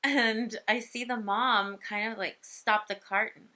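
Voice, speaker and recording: A woman speech pathologist telling a story from her work in a casual, animated way. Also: fairly high pitch, slow.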